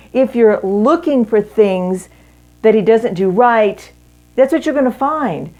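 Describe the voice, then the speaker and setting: A middle-aged woman giving an earnest teaching talk to women in a marriage seminar, speaking in measured phrases with pauses. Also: a little high, mellow, lo-fi sound.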